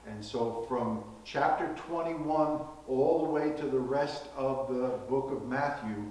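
A man teaching a Bible study casually, in a slow, conversational way with frequent asides asking "right?". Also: medium pitch, a little mellow. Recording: echoey room, heard from a distance.

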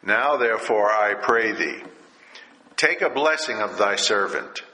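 Slow-preaching man in an echoey hall. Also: on the low side, lively intonation, pushed and bright. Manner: slow, drawn-out delivery with fillers, raising his voice for quoted characters. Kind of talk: sermon, reading and explaining scripture. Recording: roomy hall with long reverb.

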